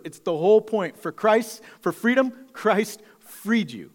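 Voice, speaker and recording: A man's voice: high voice, in a large hall. A man preaching a sermon, emphatic and conversational, repeating key phrases and dropping in casual asides. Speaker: pastor.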